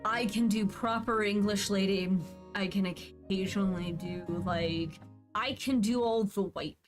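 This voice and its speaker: A chatty, bubbly woman in her thirties talks through her gameplay as a streamer, musing aloud and cracking playful asides. Her voice sits in an ordinary middle register, and game music plays clearly behind her. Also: medium pitch, measured pace. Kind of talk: casual gameplay commentary.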